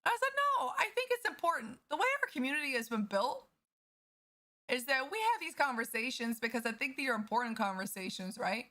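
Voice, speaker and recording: A woman's voice: fairly high pitch, very animated, fairly quick, sharp tone. A woman livestreamer chatting casually with her viewers, candid and profane as she vents. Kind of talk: casual chat with stream viewers.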